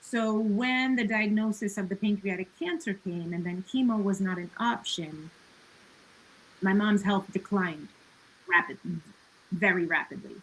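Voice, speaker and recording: A woman's voice: medium pitch, a little slow, low-quality recording. A woman talking as a podcast guest in a casual conversation. She is earnest and reflective, with many "like" and "you know" fillers and laughs between her thoughts.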